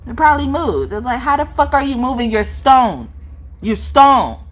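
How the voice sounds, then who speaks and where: Young woman reading tarot, swears a lot, laughs, super animated. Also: high voice, moderate pace. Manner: animated, profane, laughs often. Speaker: tarot reader.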